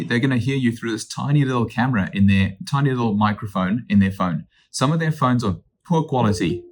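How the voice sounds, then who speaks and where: A man, a real estate agent teaching cold calling in an upbeat, energetic way that acts out phone calls. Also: on the low side. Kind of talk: instructional talk.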